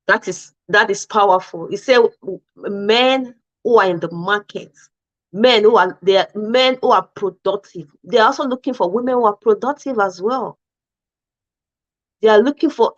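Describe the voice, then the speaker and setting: Reflective woman host, dull lo-fi sound. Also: mid-range voice. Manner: reflective, affirming, asks questions back. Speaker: host reacting to a clip. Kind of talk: talk-show commentary.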